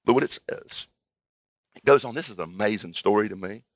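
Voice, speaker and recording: A man preaching a sermon as pastor in a church, emphatic and building toward shouting. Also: on the low side, fairly quick, no echo, studio quality.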